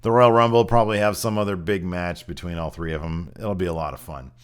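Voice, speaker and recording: Opinionated man recapping wrestling, smooth low voice. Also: steady tone, quick pace. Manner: blunt, opinionated, swears freely. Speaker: wrestling podcast host. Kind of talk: casual recap monologue.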